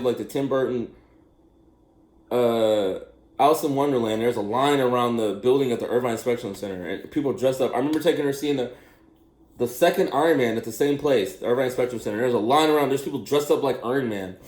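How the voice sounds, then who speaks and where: Fast-talking animated man in an echoey room. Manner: animated, laughs often, mimics high questioning voices. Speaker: speaker telling a personal story. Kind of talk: casual rambling monologue.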